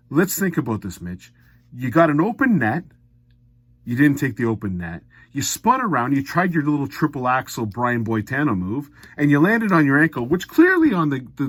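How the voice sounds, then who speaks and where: A man giving a blunt, exasperated hockey recap rant, swinging from muttered asides to loud outbursts. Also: fairly high pitch, husky, dry recording. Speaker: sports commentary vlogger.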